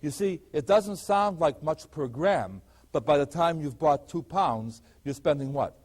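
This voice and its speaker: A man's voice: a little high, darkish tone. Older man lecturing on math. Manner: explains step by step, asks rhetorical questions. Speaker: math professor.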